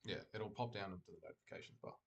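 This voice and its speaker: A man's voice: deep voice, rapid-fire, creaky. A man hosting a casual livestream, joking and rambling while reading chat aloud from a desk mic. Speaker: livestream host.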